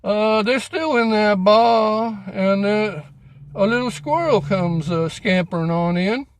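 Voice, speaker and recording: A man's voice: sits high, slow, slight background noise. A man hosting a vlog outdoors on a city street, telling a rambling story with corny jokes in a chatty, folksy, self-mocking way. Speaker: vlog host.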